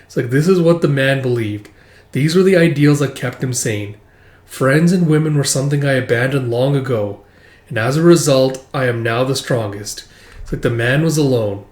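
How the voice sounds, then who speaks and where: A man's voice: mid-range voice, moderate pace, a little mellow. A man casually recapping a manga chapter, rambling and swearing, with lots of fillers. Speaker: manga reader and commentator. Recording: roomy echo.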